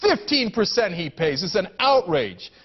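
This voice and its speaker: Male commentary host, high lively voice, sarcastic, indignant, slightly dull lo-fi sound. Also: unhurried. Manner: sarcastic and indignant, mocking in asides. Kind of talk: heated political commentary.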